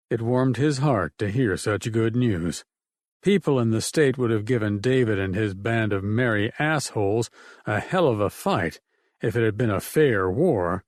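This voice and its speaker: A man reading an audiobook in a steady, measured narration. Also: fairly low pitch, dry recording, clean studio sound. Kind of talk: scripted narration.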